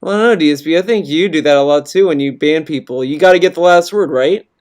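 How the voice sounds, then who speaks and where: A man's voice: a little high, quick pace, darkish tone. A man chiming in on a live stream with sarcastic, rambling, stammering remarks. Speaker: co-host commenting. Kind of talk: casual live-stream chat.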